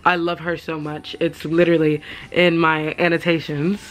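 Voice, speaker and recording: A young woman vlogging about books she read, emotional and gushing, talking in quick excited bursts. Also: low-pitched. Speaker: book vlogger. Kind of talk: casual reading vlog chat.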